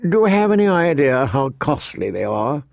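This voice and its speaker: A man's voice: medium pitch, sing-song, a little slow, darkish tone, no room sound. A man voicing a calculating courtier with a dry, complaining manner. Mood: wry. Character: wry calculating male courtier.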